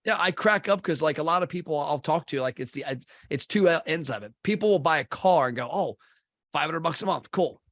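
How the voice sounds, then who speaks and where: A man's voice: on the high side, animated, fast talker, few pauses, fairly bright tone, no room sound, clean studio sound. A middle-aged man from Kentucky, a marketing company head, talking bluntly and intensely as a podcast guest and swearing casually. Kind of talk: blunt conversational interview.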